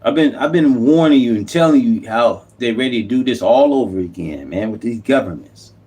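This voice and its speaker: Male YouTube commentator, passionate sermon-like rant, average pitch. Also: animated, fairly quick, mellow. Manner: impassioned, repetitive, preachy. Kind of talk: unscripted political monologue.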